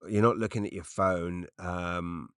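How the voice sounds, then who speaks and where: A man's voice: sits low, steady tone, unhurried, clean tone, no echo, studio quality. A middle-aged man from Britain, a comedian rambling through an unscripted solo podcast with lots of fillers and restarts, self-deprecating.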